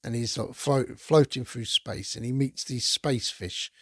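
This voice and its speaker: A man's voice: mid-range voice, unhurried, fairly bright tone, husky, dry recording, clean studio sound. A man hosting a podcast, chatting enthusiastically through a casual film review and swearing now and then. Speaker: podcast host.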